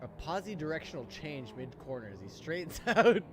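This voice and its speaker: A man's voice: fairly high pitch, sing-song, brisk, noisy background. A man hosting a casual sim racing review, joking, swearing and laughing often. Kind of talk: casual chat, race commentary.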